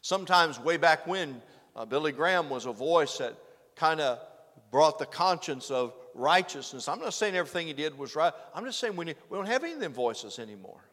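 Country preacher guy, high bright voice all over the place, echoey church hall. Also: expressive, a little fast. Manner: swings from loud exclamations to hushed earnest lines. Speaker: pastor. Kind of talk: sermon.

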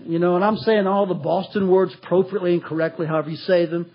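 The audio is muffled as this Tennessee pastor preaches an expository sermon in a high voice, fast and with hardly any pauses. He works through the text verse by verse, animated, raising his voice to act out quotes.

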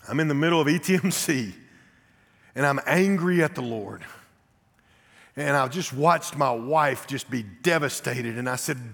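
Gravelly preacher in a church hall. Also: male voice, mid-range voice, unhurried. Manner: emotional storytelling, swings from loud to hushed. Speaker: guest preacher. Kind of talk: sermon with personal story. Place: church sanctuary.

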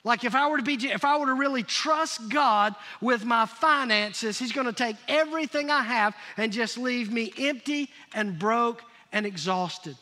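A man's voice: very high voice, normal speed, few pauses, sharp tone. A man preaching a sermon as pastor, emphatic and prodding his congregation to call out answers. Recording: long reverb of a large hall.

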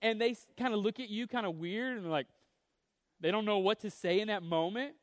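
High-voiced earnest male preacher. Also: brisk, no room sound, clean studio sound. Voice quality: whiny. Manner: conversational, earnest preaching with many restarts. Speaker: pastor. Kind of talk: sermon.

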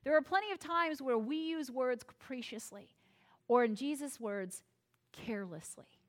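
High-voiced woman preaching a lively sermon. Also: normal speed. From United States. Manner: expressive, self-deprecating humor, acts out quoted voices. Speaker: pastor.

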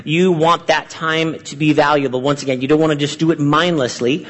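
A man's voice: fairly high pitch, fairly even intonation, brisk, a bit bright, in a large hall, low-quality recording. A man preaching a sermon as pastor, earnest and repetitive, posing many rhetorical questions.

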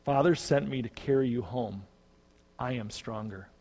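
A man voicing a gentle, patient eldest brother who speaks softly. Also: medium pitch, moderate pace, gravelly. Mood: pleading. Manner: soft-spoken, gentle. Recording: long reverb.

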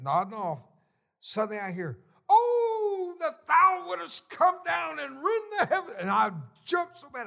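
A middle-aged man preaching a sermon, telling folksy stories with emotion and sudden shouted swells. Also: on the high side, gravelly. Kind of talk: sermon storytelling.

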